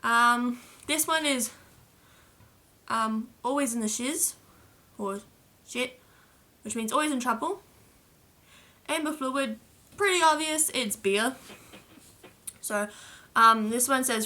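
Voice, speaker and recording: Pausing often and speaking slowly, a young South Australian woman reads a slang list in her casual vlog, her voice on the high side, bright and forceful. The Adelaide-accented vlogger keeps things chatty and playful, laughing at the entries.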